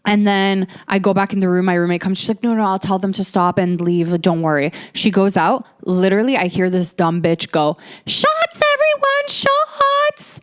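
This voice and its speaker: A woman's voice: lowish voice, a little fast, hardly any pauses, clean tone. Sassy young woman ranting on a podcast. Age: early 20s. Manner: animated, ranting, profane, sassy. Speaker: podcast host. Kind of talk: casual storytelling chat.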